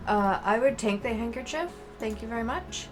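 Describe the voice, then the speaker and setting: A woman's voice: on the high side, expressive, over music. A woman from the American Midwest with a Midwestern accent, streaming as she reads a dating game aloud, laughing often and joking between lines. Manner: playful, laughs often, reads in a slow storytelling way. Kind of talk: reading a dating game aloud with playful commentary.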